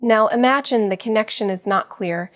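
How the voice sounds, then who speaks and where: Clear, dry-voiced woman teaching English. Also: mid-range voice, no room sound. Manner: slow, clear, evenly paced delivery. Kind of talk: scripted teaching narration.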